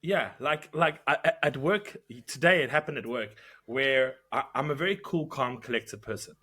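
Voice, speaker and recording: A man with a bright, forceful tone tells an anecdote from his job at a school. He speaks in a casual podcast chat. He keeps stopping to fix his own words as he goes. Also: medium pitch, lively intonation, moderate pace, slightly rough. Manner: anecdotal, self-correcting storytelling. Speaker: podcast co-host; teacher at a school abroad.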